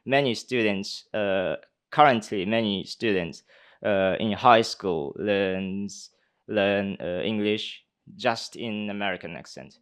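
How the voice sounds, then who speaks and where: A young man, a speech contestant answering judges' questions in English off the cuff, pausing often with uh and um and restarting his sentences. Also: on the low side, a bit bright, smooth. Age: young adult. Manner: hesitant, many uh and um fillers, restarts. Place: conference hall.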